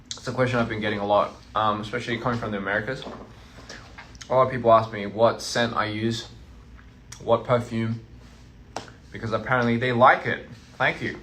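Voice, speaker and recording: A man's voice: medium pitch, fairly even intonation, normal speed, long pauses, fairly bright tone, slight background noise. A man chatting casually on a phone live stream, playful and teasing, as a touring artist talking to his fans.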